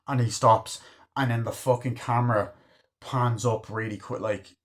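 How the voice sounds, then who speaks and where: A man's voice: mid-range voice, fairly even intonation, normal speed. Male movie reviewer, casual and rambling, heavy swearing, mid-range voice. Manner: rambling, swears freely, retells scenes. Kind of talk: casual spoken film review.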